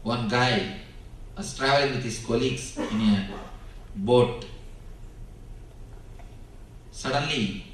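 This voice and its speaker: A man delivers a spiritual talk at a slow, deliberate pace. He leans on emphatic lines and long pauses. His voice rings around a very echoey hall, heard from some distance off the mic, with faint noise behind. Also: mid-range voice, a bit bright. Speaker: spiritual teacher. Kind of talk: spiritual discourse.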